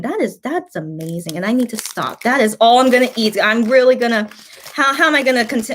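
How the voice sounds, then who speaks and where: A young mukbang vlogger, bubbly and talkative, eats on a home live stream and chats casually, filling her speech with fillers. Between mouthfuls she reads out comments from viewers in a voice that sits a little high.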